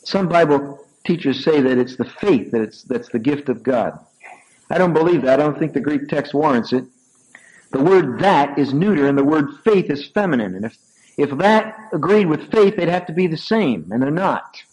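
An older man, a pastor, preaches at a moderate pace in a fairly high voice, recorded at low quality in a church sanctuary. His sermon is built around a personal story, with animated shifts from soft asides to sudden emphatic peaks.

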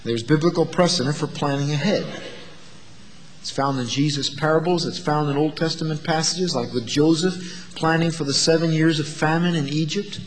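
A man preaching a sermon, asking the listeners rhetorical questions and moving between loud, emphatic lines and quiet asides. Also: fairly high pitch, normal speed, big-room sound.

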